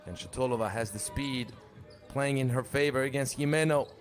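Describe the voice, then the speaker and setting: A man's voice: mid-range voice, normal speed, faint music behind. A man doing live play-by-play commentary for a basketball tournament, joking and chatting between calls. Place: arena at a live 3x3 tournament.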